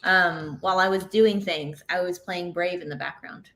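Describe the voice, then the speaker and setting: A woman's voice: lowish voice, steady tone, moderate pace, fairly bright tone, slight background noise. A woman co-hosting a casual livestream, reading viewer comments aloud and giggling along. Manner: giggly, reads chat messages aloud.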